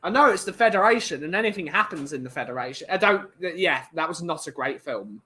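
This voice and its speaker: Bright, high-voiced man chatting. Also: expressive, fast talker. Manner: rambling, opinionated, many restarts. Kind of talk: casual chat.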